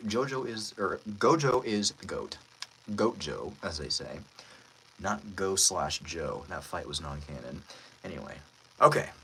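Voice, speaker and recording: Animated, chatty male voice actor streaming. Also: fairly low pitch, breathy edge, poor audio. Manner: animated and chatty, laughs often. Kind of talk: casual live-stream chat.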